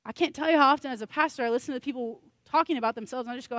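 A woman's voice: sits high, very fast, hardly any pauses, fairly bright tone, dry recording. A woman pastor preaching a sermon in a conversational, joking way, with self-deprecating asides.

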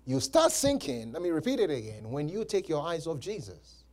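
A man's voice: a little high, wildly swooping pitch, normal speed, a little mellow. A male pastor preaching a sermon, repeating phrases and laughing between points. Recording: live church service.

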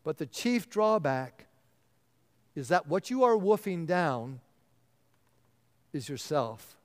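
A man preaches a sermon in a high, resonant voice, earnest in tone and often sinking to a hush to press a point home. His words ring out with the long reverb of a large church sanctuary. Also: very animated, slow pace. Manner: earnest, drops to a hushed voice for emphasis. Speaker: pastor.

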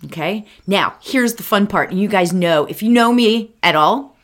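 A woman's voice: mid-range voice, lively intonation, moderate pace. A woman teaching a guided meditation, chatty and upbeat, often adding "right?", with a musical, sing-song way of speaking.

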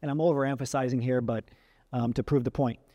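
Here the career coach speaks at medium pitch with fairly even intonation, quickly and with a dark tone, his voice filling a large hall. Chatting to camera with many "right?" asides and restarts, he shows ways of using the voice, varying his emphasis and loudness.

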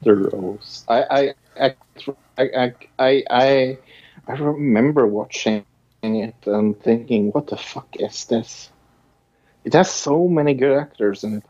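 A man co-hosts a casual movie review chat in a slow, unhurried way. He is blunt and laughs easily. His audio sounds muffled and lo-fi. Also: mid-range voice, a little mellow. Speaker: podcast co-host.

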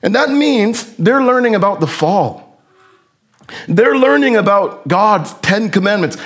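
A man preaching a sermon with fervent rhetorical questions, moving from hushed reading to shouting. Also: very high-pitched.

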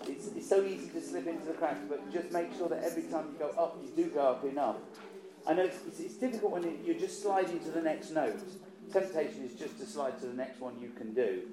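A man coaching a choir, chatty and encouraging, often repeating words as he thinks. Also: mid-range voice. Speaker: choir director. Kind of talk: choir rehearsal instruction. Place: rehearsal hall. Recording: echoey room with choir around.

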